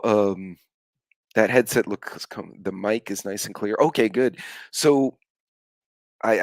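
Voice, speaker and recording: A man's voice: on the low side, dry recording. A middle-aged man, hosting a casual live stream chat and telling rambling stories with offhand swearing.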